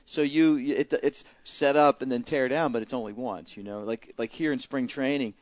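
A man's voice: medium pitch, steady tone, moderate pace, darkish tone, dry recording. A man from Baltimore with a slight Baltimore accent, a baseball broadcaster talking in a casual radio interview, earnest and hesitant, full of fillers and restarts.

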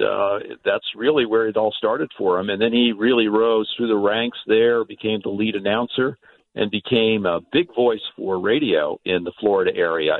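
A man calling in as a guest, explaining at length with frequent hesitations. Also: fairly low pitch. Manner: hesitant, many filler sounds. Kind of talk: interview answers. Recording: tinny phone line.

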